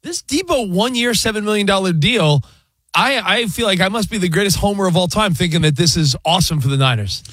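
A man co-hosting sports radio, his voice sitting a touch high and leaping up and down as he fires off questions. He jokes his way through the banter. The sound is dry and close. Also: no room sound. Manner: animated, joking, asks rapid questions. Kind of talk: casual sports talk.

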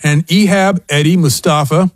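Playful high-voiced man, dry close sound. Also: dry recording. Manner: playful, reads names with drawn-out emphasis. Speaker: podcast co-host. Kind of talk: casual chat.

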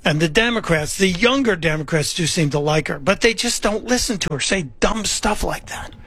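A man's voice: high voice, expressive, moderate pace, fairly bright tone, husky, no room sound. A middle-aged man hosting political talk radio, delivering sarcastic, mocking commentary. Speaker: radio talk show fill-in host.

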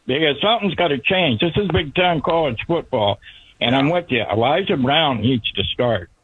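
A man's voice: fairly high pitch, lively intonation, moderate pace, a little hiss or hum. A man calling in to a sports talk show, earnest and frustrated, talking in a rambling way. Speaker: caller. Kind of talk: call-in radio talk. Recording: tinny phone line.

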